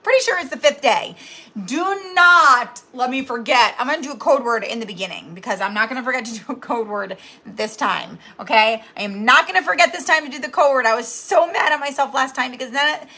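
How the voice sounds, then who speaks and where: Bubbly high-voiced woman hosting a craft livestream. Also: animated, brisk, bright, forceful tone. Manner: chatty, bubbly, greets viewers by name. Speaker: craft channel host. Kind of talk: live-stream craft tutorial chat.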